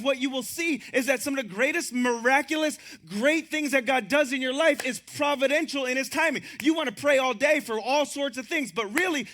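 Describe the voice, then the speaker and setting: A man in his thirties leads a sermon as pastor in a notably high voice. His tone is bright and forceful, shifting between lively storytelling with quoted voices and a hushed, low reading of scripture. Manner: storytelling, acts out quoted voices, laughs often.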